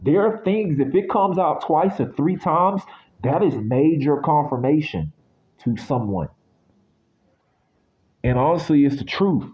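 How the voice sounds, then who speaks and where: A man's voice: fairly high pitch, lively intonation, measured pace, pauses often, a little mellow, muffled recording. A man from the United States giving a casual spiritual reading that turns into a blunt, sweary rant. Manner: blunt, ranting, swears freely.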